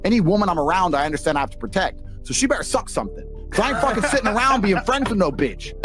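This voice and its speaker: A middle-aged Englishman, a former kickboxer appearing as a podcast guest, tells fight stories in casual chat, blunt and profane. His voice is high-pitched, sing-song and fairly bright, and he talks very fast over faint background music.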